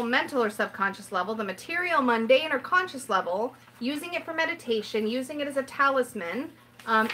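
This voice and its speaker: A woman's voice: a little high, bright, forceful tone, slight background noise. A woman hosting a casual tarot livestream, chatting playfully and often interrupting herself. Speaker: tarot channel host.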